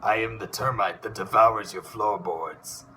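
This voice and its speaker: A man voicing a theatrical, boastful male superhero duck who booms dramatic declarations. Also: measured pace, sharp tone, a little hiss or hum. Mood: grandiose.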